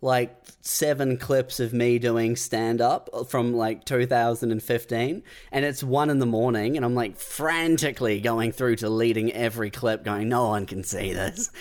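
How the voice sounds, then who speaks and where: A man co-hosting a comedy podcast, telling stories in a relaxed way with lots of stammered restarts. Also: medium pitch, normal speed, hardly any pauses. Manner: stammering restarts, laid-back storytelling. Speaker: podcast co-host and stand-up comedian. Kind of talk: casual comedy podcast banter.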